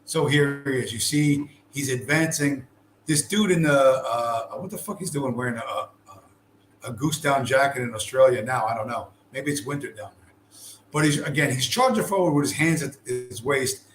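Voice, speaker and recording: A man's voice: mid-range voice, moderate pace, slight background noise. A man giving blunt, sarcastic, heavily profane commentary on a video he is sharing. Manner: blunt, heavy swearing, sarcastic. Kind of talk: profane commentary over a screen-shared video. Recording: echoey room with faint ambience.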